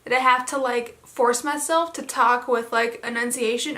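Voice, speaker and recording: A young woman with a bright, somewhat high voice talks her way through a makeup tutorial in a loose, rambling way, full of fillers. Her throat sounds a little hoarse. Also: normal speed, hardly any pauses. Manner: chatty, rambling with many fillers. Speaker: beauty vlogger. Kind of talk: casual makeup tutorial chat.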